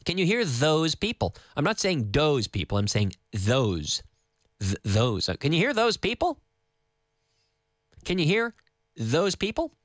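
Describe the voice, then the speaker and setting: A man from Nova Scotia teaching English on live radio from a studio microphone, patiently repeating words slowly for learners. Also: high voice, sing-song, no echo. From Canada (Nova Scotia).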